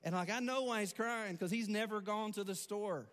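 Animated preacher man in a reverberant hall. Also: sits high, moderate pace. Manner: conversational, animated storytelling with repetitions. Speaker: pastor. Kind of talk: storytelling sermon.

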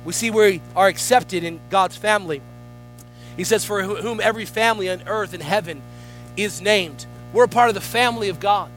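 A man with a high, bright voice preaches with fervent energy, calling out to the congregation as he builds. Soft music sits behind him. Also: low-quality recording. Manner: fervent preaching with rising call-outs. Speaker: guest pastor. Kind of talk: sermon.

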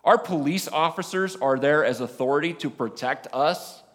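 Man, Southern accent, pastor preaching, lively then hushed, long church reverb. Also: normal speed. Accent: Southern American. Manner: animated preaching, drops low and quiet for emphasis. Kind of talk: sermon.

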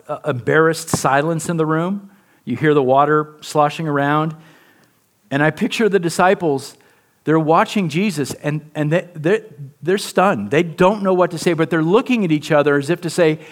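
A man preaching a sermon in a conversational, candid way, often checking in with the listeners. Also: fairly high pitch. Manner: conversational, candid, with frequent "right?" asides and restarts. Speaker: pastor.

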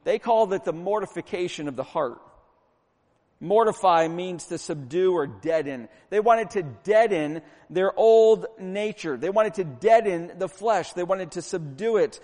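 A man's voice: high-pitched, darkish tone. A middle-aged man preaching a fervent, emphatic sermon as pastor, hammering points home with repetition. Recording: long reverb from a large room.

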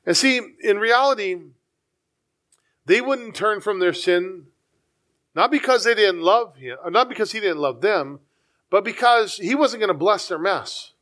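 A man with a high voice preaches a sermon. He reads scripture aloud with small stumbles and repeats words. He lifts his voice further when he presses a point. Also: a bit bright. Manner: rises in pitch for emphasis, repeats words, stumbles while reading.

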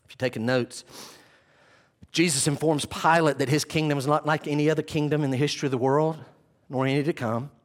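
A man preaching a sermon in an animated, conversational way, retelling scenes dramatically. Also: fairly high pitch, brisk.

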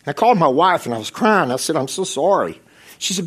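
A man preaching with fervor, his husky voice rising into loud calls and sinking to near-whispers. He sounds like a pastor in the middle of a sermon, pressing his listeners hard. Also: a little high, big pitch swings, fast talker. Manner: impassioned preaching, swinging from loud exhortation to hushed intensity.

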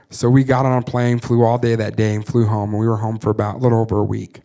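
A man's voice: medium pitch, completely flat delivery, quick pace, hardly any pauses, warm tone. A man in his thirties, a missionary, telling a personal testimony in an earnest way and often laughing at himself. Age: 30s.

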